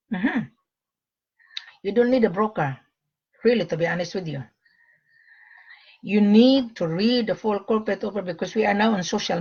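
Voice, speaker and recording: A woman's voice: mid-range voice, darkish tone, slightly rough, muffled recording. A woman selling gold, talking to viewers on her own live stream in a blunt, lecturing way, dropping frequent "mm-hmm"s. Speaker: gold seller hosting her own page.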